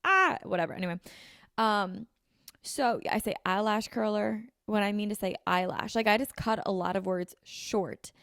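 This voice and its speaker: A young American woman from the Philadelphia suburbs hosts a podcast from an apartment room on a podcast mic with video, chatting casually and saying "like" constantly. She sounds a little sniffly with a slightly runny nose. Her mid-range voice is clear and resonant, in a dry, studio-quality recording.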